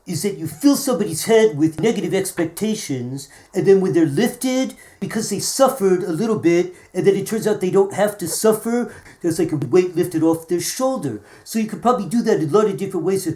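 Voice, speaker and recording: A woman's voice: on the low side, expressive, a little fast, few pauses, warm tone. A woman improvising a playful, musing scene without a script.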